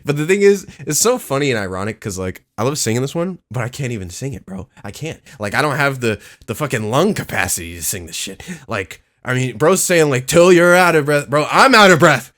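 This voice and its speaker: A young man giving casual, excitable reaction commentary, profane and slangy. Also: medium pitch, a little fast, hardly any pauses. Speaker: reaction video host. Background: song playing faintly.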